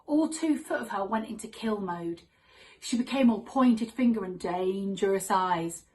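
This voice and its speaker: A woman telling a comic true story on stage in a wry, deadpan manner. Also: medium pitch, measured pace, rough recording.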